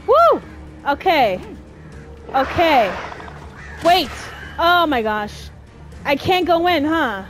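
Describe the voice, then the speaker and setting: A young adult woman hosting a gaming video, giving casual let's-play commentary and getting jumpy and loud at the game. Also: high-pitched, slow, long pauses, soft background music. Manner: excitable, yells at the game, jumpy.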